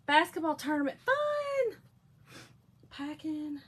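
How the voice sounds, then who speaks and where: A middle-aged woman with a drawl chats her way through a crafting livestream, folksy and talkative as she answers viewers by name. Her voice sits a little high and rings bright and forceful. A faint hiss runs under the close mic. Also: sing-song, takes it slowly. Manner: chatty and folksy, reads viewer comments aloud. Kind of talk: casual crafting livestream chat.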